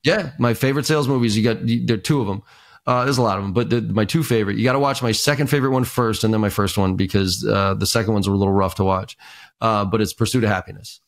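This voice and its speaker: A man's voice: lowish voice, fast. A man, a sales trainer, talking as a guest in a casual podcast interview and telling stories with energy. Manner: animated storyteller, many fillers and restarts.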